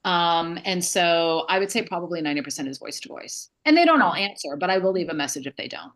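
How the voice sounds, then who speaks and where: A woman real estate agent casually describing how she phones her clients, with relaxed filler ums, over a video call. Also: fairly low pitch, brisk, hardly any pauses. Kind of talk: casual chat.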